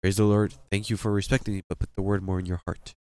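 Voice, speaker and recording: A male pastor delivers a sermon in a lower voice, pressing his points and putting questions to his listeners. The sound is dry, with little room in it. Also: level tone, quick pace, mellow, smooth, no room sound. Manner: emphatic preaching, asks the congregation questions.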